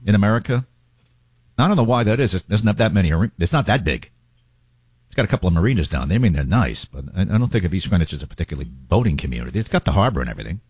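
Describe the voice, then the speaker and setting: Radio guy, low husky voice, chatty and wry, dry studio mic. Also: animated, rapid-fire, a little mellow, no room sound. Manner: chatty, wry, rambling asides. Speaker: radio talk show host. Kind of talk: casual talk radio chat.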